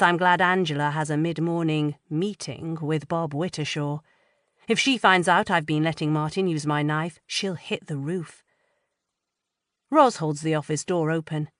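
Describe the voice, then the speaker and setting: Low-voiced woman narrating a thriller. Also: no echo, clean studio sound. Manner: measured, tense storytelling. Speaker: audiobook narrator. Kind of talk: scripted first-person thriller narration.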